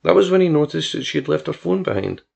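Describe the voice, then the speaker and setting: A man narrating a story in a measured, even storytelling manner. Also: a little high, creaky, husky. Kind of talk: audiobook narration.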